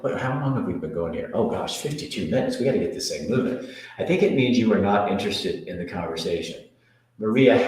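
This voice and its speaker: A man hosting a casual live chat show, reading viewer comments aloud and answering them in a joking, rambling, self-mocking way. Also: low-pitched. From Montana. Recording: very echoey room.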